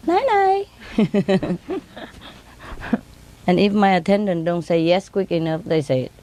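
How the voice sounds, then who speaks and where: A woman telling casual stories in simple, broken English, laughing often and mimicking her birds in high sing-song tones. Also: fairly even intonation, brisk, dark tone. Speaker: speaker telling stories about her pets. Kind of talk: casual storytelling.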